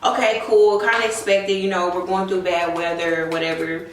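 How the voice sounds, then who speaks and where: A young woman telling a story in casual, animated chat while she does her makeup. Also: fairly low pitch, moderate pace, slight background noise. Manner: animated, chatty, says "y'all" often. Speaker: beauty vlogger. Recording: echoey room, voice a bit distant from the mic.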